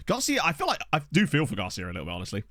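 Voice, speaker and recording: A male game streamer chatting casually with his viewers over a desk microphone, thinking aloud as he goes. His pitch swings around a lot, and the recording is dry and close with almost no room sound. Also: wildly swooping pitch, rapid-fire, fairly bright tone, no room sound.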